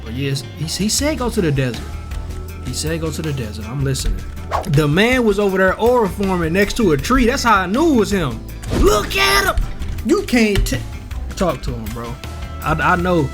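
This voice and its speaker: A man's voice: on the high side, sing-song, a little fast. A man giving casual, joking gameplay commentary in slang, with faint game music behind. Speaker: gaming YouTuber.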